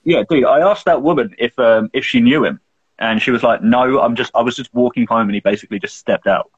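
A young man co-hosting a podcast relates a long story in rambling, casual talk, with free swearing between his fillers. His husky, mid-range voice moves a little fast, captured on a muffled, lo-fi recording.

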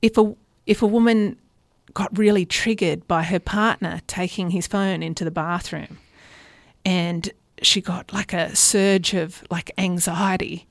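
A woman, a relationships therapist, guest on a radio show, explaining calmly with practical examples. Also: lowish voice, measured pace, dry recording, clean studio sound. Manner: warm, explanatory, gives practical examples with acted-out quotes.

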